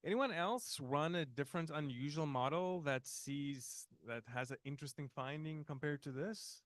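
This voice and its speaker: A man's voice: a little high, normal speed, no echo. A man teaching a live conference workshop, talking in a casual, chatty way with fillers and restarts. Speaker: workshop instructor. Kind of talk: live technical workshop talk.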